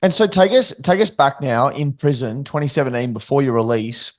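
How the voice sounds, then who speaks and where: A man's voice: medium pitch, animated, fairly quick. A man hosting a podcast, asking long, detailed interview questions. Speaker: podcast host.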